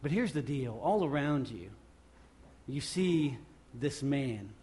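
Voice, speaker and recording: A male pastor preaching a sermon off the cuff, swinging from loud emphatic bursts to quiet low passages and often restarting his phrases. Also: lively intonation, slow pace. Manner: repeats and restarts phrases while speaking off the cuff.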